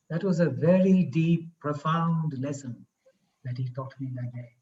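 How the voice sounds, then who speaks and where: A man, a professor giving a spiritual talk and telling stories with slow, emphatic phrasing. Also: fairly high pitch, darkish tone, highs cut off. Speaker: guest speaker, professor.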